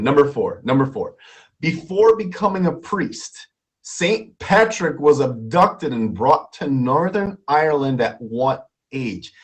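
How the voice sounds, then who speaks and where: A man hosting a live stream quiz in a playful way, laughing often and repeating himself. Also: on the high side.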